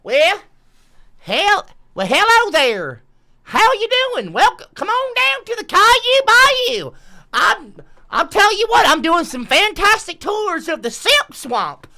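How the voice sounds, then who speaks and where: A woman's voice: extremely high pitch, sing-song, takes it slowly, bright, forceful tone, pitched above the performer's own voice, full character voice. A woman voicing a folksy male swamp tour guide with a drawl and salesy welcoming patter.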